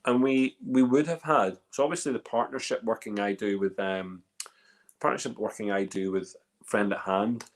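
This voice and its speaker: A man's voice: lowish voice, moderate pace. A man with a Northern Irish accent hosting a whiskey tasting in casual, rambling chat full of fillers and restarts. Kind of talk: casual live-stream chat.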